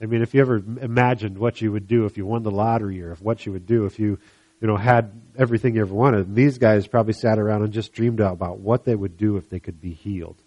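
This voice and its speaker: A man preaching a sermon, retelling a Bible story in an animated way and acting out the voices of the people in it. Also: lowish voice, fast talker, muffled recording. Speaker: pastor.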